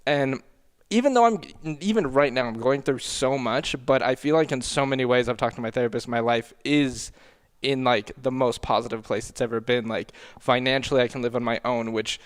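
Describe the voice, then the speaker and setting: A young man speaking emotionally and sincerely in a personal chat, with a halting, hesitant delivery. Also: medium pitch, clean tone.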